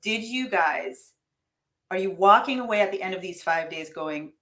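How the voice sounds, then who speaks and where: A woman hosting a live-streamed money mindset coaching session. She talks in a high-energy, emphatic way, speaks straight to her viewers and reads their comments aloud. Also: expressive, normal speed, a bit bright.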